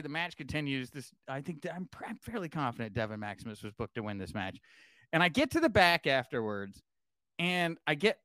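A young man who used to manage wrestlers appears as a podcast guest, animatedly telling a story while cursing freely and voicing quotes with broad pitch swings. His tone is sharp and clean, recorded with clean studio sound and no echo.

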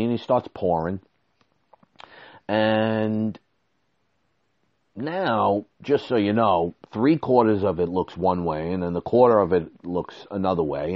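A man telling a story casually and animatedly, acting out quoted lines with sudden high exclamations. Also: dull audio.

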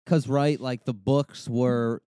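A man in easygoing podcast chat, relaxed in his delivery. His voice is mellow and dark, at a middle pitch. The sound is close and dry. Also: slow pace, clear, resonant tone, no echo. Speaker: podcast co-host. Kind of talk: casual chat.

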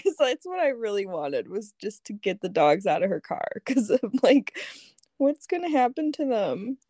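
A woman's voice: on the high side, huge pitch swings, measured pace, mellow, dry recording, clean studio sound. A woman telling a story in a casual chat, laughing often as she talks. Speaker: guest.

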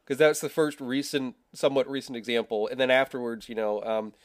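A man hosting a relaxed film podcast, talking in a halting way with restarts. His voice sits at a middling pitch and often drops quiet at the ends of his thoughts. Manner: halting, with many fillers and restarts, trailing off quietly. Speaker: podcast host. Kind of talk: casual film chat.

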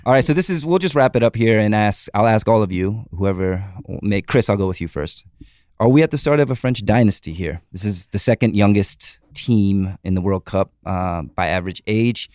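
A man hosting a casual sports podcast, briskly reading off quick facts and chuckling. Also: on the low side, animated, a little mellow, no echo, studio quality. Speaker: podcast host.

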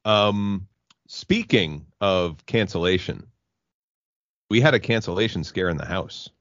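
Deep-voiced man chatting on a podcast. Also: lively intonation, measured pace, fairly bright tone, no echo, muffled recording. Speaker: podcast co-host. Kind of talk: casual chat.

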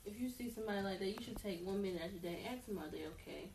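A woman's voice: mid-range voice, racing, darkish tone. A woman co-hosting a casual opinion talk, earnest and pleading, acting out the thoughts she quotes. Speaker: co-host. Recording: echoey room, distant mic, faint background noise.

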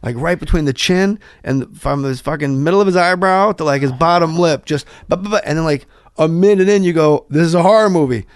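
A man who is a podcast guest, telling comic stories in a loud, excitable way and acting out sounds and quotes. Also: fairly high pitch, fairly quick, smooth, no room sound, studio quality. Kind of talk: animated comic storytelling.

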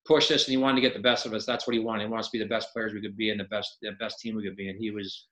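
A man with a bright, forceful voice spins lively stories in easy conversation and acts out what others said. His voice rings with a noticeable echo of the room around him. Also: lowish voice, very fast. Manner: animated storyteller acting out quotes, laughs often. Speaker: podcast guest, retired hockey player. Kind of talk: casual storytelling.

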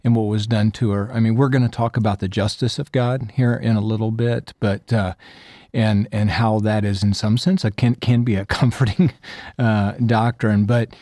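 A man co-hosting a faith podcast who talks thoughtfully and haltingly, with many pauses and fillers. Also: fairly low pitch, steady tone, mellow, dry recording, clean studio sound. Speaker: podcast co-host. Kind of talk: conversational faith discussion.

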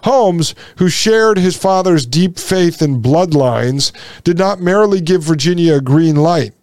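A man hosting a commentary show, talking to listeners with indignation and repeating his points. He slows down and drops low for emphasis. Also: lively intonation, a little mellow, dry recording. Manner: indignant, repeats lines, addresses listeners as folks. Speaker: podcast host. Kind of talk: impassioned commentary.

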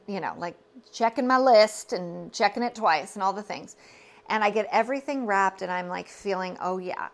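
A woman, telling a personal story on her podcast in an earnest, confiding way, full of asides and self-corrections. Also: medium pitch. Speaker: podcast host.

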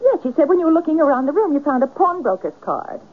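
A woman's voice: high-pitched, very animated, quick pace. An actress playing a practical, curious woman who questions a writer in a radio drama. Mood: probing. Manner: probing, practical. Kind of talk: 1970s radio drama acting. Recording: lo-fi old radio broadcast.

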